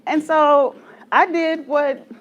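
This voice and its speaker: A woman's voice: high-pitched, fairly even intonation, slow pace, dull audio. A woman in her forties leading a church study group, telling stories with self-mocking humor and frequent laughter. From Texas, USA. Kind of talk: storytelling talk to a group.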